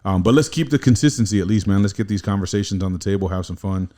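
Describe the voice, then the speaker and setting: A man's voice: lowish voice, fast talker, mellow. A man hosting a casual podcast chat, rambling and profane as he tells stories. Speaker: podcast host.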